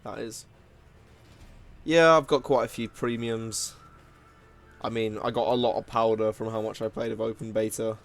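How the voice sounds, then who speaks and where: A man's voice: fairly low pitch, fairly even intonation, normal speed, gravelly, pauses often, faint music behind. A man giving casual, self-mocking commentary while playing a card game, often laughing at himself. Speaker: gaming video host.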